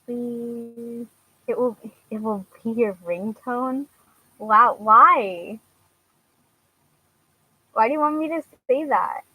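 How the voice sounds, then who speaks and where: A woman's voice: fairly high pitch, slow, pauses often, bright, forceful tone, slightly rough, rough recording. Chatty young woman, hesitant and laughing. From Washington, US. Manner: hesitant, many fillers, laughs often. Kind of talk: casual chat answering viewers.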